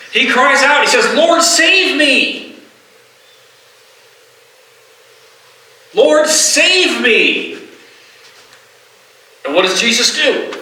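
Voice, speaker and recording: A middle-aged man preaching from a church pulpit, chatty and direct with his congregation. His voice is very bright and sits a little high. He is caught from some distance in a strongly echoing sanctuary. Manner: conversational, often asks the congregation "right?". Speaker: pastor. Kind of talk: sermon. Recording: roomy hall, distant mic.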